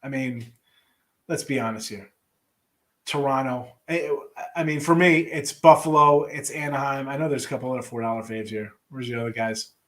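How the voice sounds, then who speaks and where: A man with a medium-pitched, slightly bright voice hosts a sports betting show at a moderate pace. He runs through the daily picks casually and offhandedly, adding wry asides and trailing restarts while reading a live chat.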